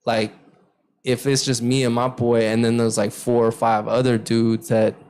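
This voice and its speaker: A young male co-host speaks at moderate speed with a medium-pitched voice, and the recording has a little hiss or hum. During casual podcast storytelling he acts out what others said, delivering the quotes loudly and animatedly.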